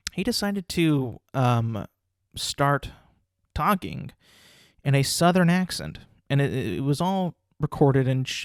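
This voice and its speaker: A man's voice: medium pitch, no echo, clean studio sound. A young man hosting a podcast, ranting casually about sports, rambling and repeating words as he restarts sentences. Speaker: podcast host.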